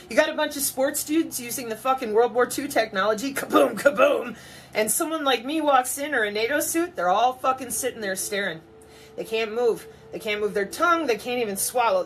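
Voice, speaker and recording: A woman's voice: on the high side, fairly bright tone, a little hiss or hum. A woman in a mocking, profane monologue to camera, full of sarcasm. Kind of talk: ranting monologue.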